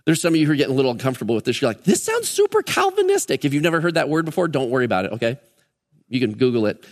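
A man's voice: mid-range voice, racing. A man preaching a Sunday sermon as pastor, earnest and emphatic, hammering key words in threes. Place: church sanctuary during a service. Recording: long reverb of a church hall.

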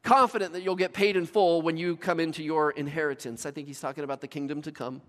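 A middle-aged man preaches with a slightly high voice, shifting easily into little voiced asides as he tells stories. His words ring out with a long reverb through a large church hall. It sounds like a pastor talking to a congregation. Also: fairly even intonation, fast, a bit bright. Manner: storytelling with voiced asides and laughs. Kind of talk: sermon.

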